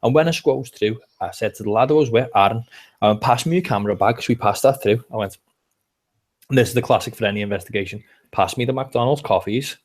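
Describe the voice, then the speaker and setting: A man with a Liverpool accent tells long, winding stories in casual chat. His voice sits at an ordinary middle pitch, and he often stops and restarts his sentences. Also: quick pace. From England. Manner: chatty storyteller, rambling with restarts. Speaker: podcast co-host.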